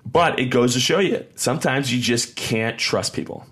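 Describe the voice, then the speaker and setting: A man's voice: medium pitch, normal speed, fairly bright tone, husky. A young man hosting a podcast, telling a story in a rambling, casual way, often repeating words and acting out quotes. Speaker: podcast host.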